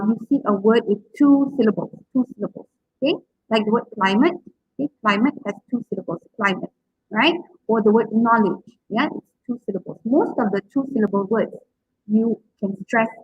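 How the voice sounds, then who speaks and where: A woman's voice: on the high side, slightly rough, no echo, lo-fi sound. A woman giving a university lecture on public speaking, often checking in with "okay?" and drawing out words to model their stress.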